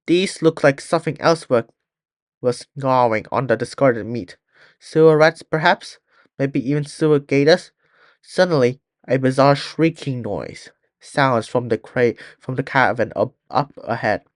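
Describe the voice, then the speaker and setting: A man's voice: mid-range voice, dry recording, studio quality. A man reading a fan-written story aloud in a plain way, often restarting words. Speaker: story reader.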